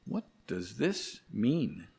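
Slow-preaching man in a reverberant hall. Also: on the low side, sing-song, gravelly, mellow, husky. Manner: slow, deliberate preaching with emphatic rises on key words. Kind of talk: sermon. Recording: long reverb of a large hall.

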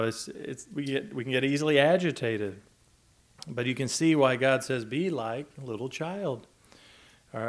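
A man preaching a sermon in a gentle, conversational way, chuckling often as he talks. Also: mid-range voice. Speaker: pastor.

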